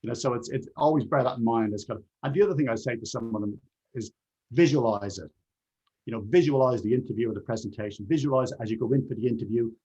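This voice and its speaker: A man with a husky, slightly worn voice speaks earnestly as a guest on a remote call, hammering home his points by repeating key words. The audio is dull and lo-fi, as from a video call. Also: mid-range voice, fast talker, dark tone. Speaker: guest, presentation skills trainer. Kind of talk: conversational interview answers.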